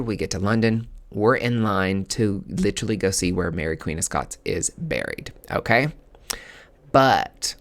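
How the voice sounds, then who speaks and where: A man hosting a podcast, telling a personal story in a casual, animated way, acting out his own past reactions and swearing freely. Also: on the low side. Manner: animated, dramatic retelling with swearing and quoted asides. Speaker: podcast host.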